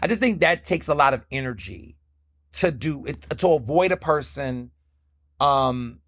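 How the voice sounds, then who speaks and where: A man's voice: medium pitch, measured pace, no room sound, studio quality. Candid Southern man hosting a podcast. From American South. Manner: candid, animated, slips into playful quoted voices. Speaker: podcast host. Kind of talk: casual solo podcast monologue.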